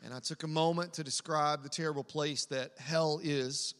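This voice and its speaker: A man's voice: on the high side, fairly even intonation, normal speed, fairly bright tone, smooth. A man preaching a sermon as pastor, telling a family story in an earnest, conversational way. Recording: long hall reverb.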